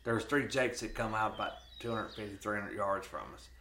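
A man's voice: lowish voice, fairly even intonation, sharp tone. Folksy male podcast host, roomy sound. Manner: folksy, drawn-out storytelling with restarts. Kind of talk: casual storytelling chat. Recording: roomy with faint noise.

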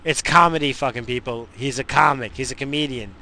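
Gravelly, fired-up male show host. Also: mid-range voice, a little fast, sharp tone, slight background noise. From United States. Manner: profane, rambling, fired-up. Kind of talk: profane casual rant.

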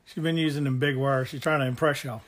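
A man's voice: medium pitch, steady tone, fast, fairly bright tone. Teasing older man. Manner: dry teasing humor, drawling. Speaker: guest. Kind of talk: casual podcast chat.

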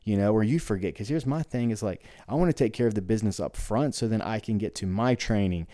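Low-voiced man telling a gym story. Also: quick pace, warm tone, no echo, studio quality. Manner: rambling, frequent "like" fillers, acts out quoted dialogue. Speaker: gym owner and coach. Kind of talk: casual storytelling monologue.

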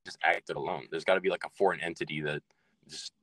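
A man's voice: extremely low pitch, steady tone, quick pace, a bit bright, no echo. A young man co-hosting a casual podcast, talking in a loose way full of fillers. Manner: filler-heavy, says like and you know a lot. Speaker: podcast co-host. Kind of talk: casual chat.

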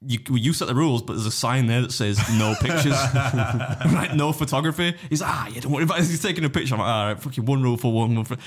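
A man's voice: medium pitch, fast talker, hardly any pauses, slightly rough. A man telling a story in casual podcast chat, acting out other people's lines, swearing and laughing often. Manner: animated anecdote-telling, acts out other voices, swears freely, laughs often. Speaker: podcast guest, competitive eater.

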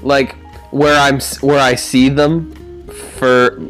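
A man's voice: mid-range voice, flat delivery, slow, a bit bright, faint music behind. A young man co-hosting a podcast on a video call, overtired and playful, laughing often in casual chat. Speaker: podcast co-host.

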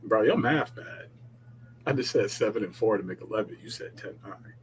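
Lively low-voiced young man bantering. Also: normal speed, a little hiss or hum, poor audio. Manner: animated, laughs often, slangy banter. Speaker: co-host of a lacrosse picks show. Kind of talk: casual sports chat.

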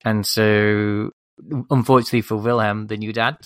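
A man's voice: on the low side, flat delivery, moderate pace, clear, resonant tone, dry recording. A man co-hosting a podcast in casual chat, explaining points with many restarts. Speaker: podcast co-host.

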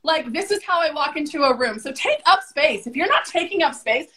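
A woman with a bright, high voice talks as a podcast guest. She rambles fast and emphatically, swears constantly and punches each point with raw energy. Her delivery is loud, unfiltered and casual. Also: expressive. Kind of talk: casual, profane storytelling.

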